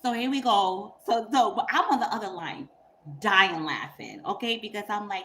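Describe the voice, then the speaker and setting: A woman spins a story for her channel in blunt, cussing, emphatic talk. She stays animated and laughs along as she goes, at a mid pitch, with a faint hum of noise behind her. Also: normal speed. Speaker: YouTuber. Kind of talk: casual storytelling monologue.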